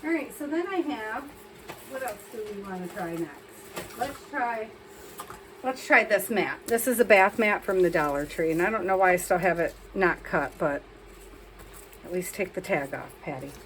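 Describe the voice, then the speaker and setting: A woman chats her way through a messy art session at a home craft table, talking to viewers and scolding herself as she goes. Her voice sits at an ordinary middle pitch. A faint background hiss runs under the recording. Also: moderate pace, a bit bright, rough recording. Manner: chatty, self-talking while working, scolds herself. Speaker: craft vlogger. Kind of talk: casual crafting chat.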